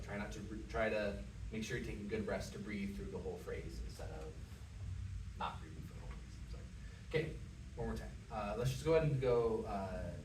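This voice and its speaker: Brief: encouraging male voice coach, mid pitch, heard from across a noisy, echoey room. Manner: patient, encouraging, hesitant with many fillers. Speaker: voice teacher. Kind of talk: one-on-one singing lesson. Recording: echoey room, mic far off, background noise.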